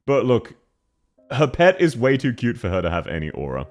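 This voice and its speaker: An Australian man chatting on a game stream, quick to laugh and crude in his jokes. His voice sits at a middle pitch but swings widely and animatedly. He talks with casual, teasing energy. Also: huge pitch swings. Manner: joking, laughing often, crude banter. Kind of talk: casual livestream chat.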